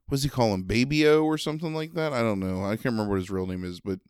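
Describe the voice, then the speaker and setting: A man's voice: fairly low pitch, racing, darkish tone, clean tone, no room sound, studio quality. A man with a slightly nasal voice, rambling sarcastically through a movie review in casual chat. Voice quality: a little nasal. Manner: rambling, sarcastic, many ums and likes. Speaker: podcast co-host reviewing a movie.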